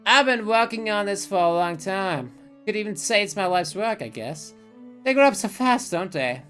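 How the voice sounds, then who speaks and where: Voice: medium pitch, lively intonation, moderate pace, a bit bright, soft background music, voice pushed up, lightly acted. A streamer reading out a kindly old wandering mushroom scholar in a game, with a folksy drawl. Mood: fond. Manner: folksy, drawling, rural turns of phrase. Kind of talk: reading a game's dialogue aloud.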